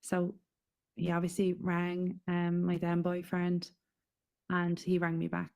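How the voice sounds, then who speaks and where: A middle-aged Irish woman giving a halting, emotional personal testimony as a guest in an interview. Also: on the low side, completely flat delivery, vocal fry, dark tone. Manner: halting and emotional, with frequent pauses and fillers.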